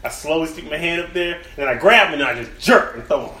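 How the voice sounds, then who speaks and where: A man's voice: fairly high pitch, lively intonation, fast, bright, forceful tone. A man hosting a podcast, telling crude stories in casual chat and laughing as he goes. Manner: brash, crude, laughing storyteller. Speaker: podcast host. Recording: roomy echo.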